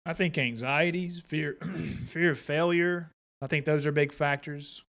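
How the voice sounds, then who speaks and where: A man's voice: fairly high pitch, steady tone, a little slow, a bit bright. A man co-hosting a casual podcast conversation, giving short agreeing replies and plain explanations. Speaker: podcast co-host.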